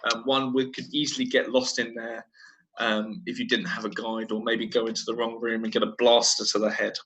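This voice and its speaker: A man's voice: mid-range voice, little pitch movement, brisk, a bit bright, low-quality recording. A man narrating as game master for a tabletop game, hesitant and full of ums.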